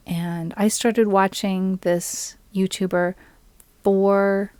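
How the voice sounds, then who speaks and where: A woman chatting with her stream viewers between songs, talking in an unhurried, easygoing way. Her voice is soft and often fades toward a whisper as she recommends things. The sound is dry and close, with no room around it. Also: mid-range voice, steady tone, no echo. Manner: soft-spoken, often trailing into a near whisper. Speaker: streamer and ukulele singer. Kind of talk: casual chat between songs.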